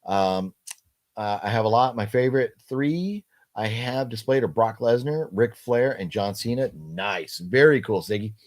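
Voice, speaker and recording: A middle-aged man hosting a casual livestream chat, talking haltingly with many fillers and restarts while he reads out viewer comments. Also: on the low side, animated. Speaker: livestream host.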